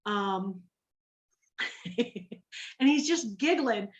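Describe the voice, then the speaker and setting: A woman's voice: mid-range voice, expressive, drawn-out words, echoey room, recorded from a distance, highs cut off. A woman from Minnesota telling her story to an online group, acting out the voices of the people she quotes. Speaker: guest speaker on a training call.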